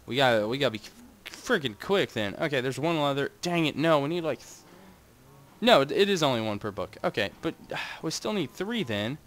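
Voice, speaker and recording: A young man hosting a Minecraft channel rambles chattily to his viewers while he plays, swinging from wild highs to mutters. His voice is sing-song and a bit bright, at a moderate pace.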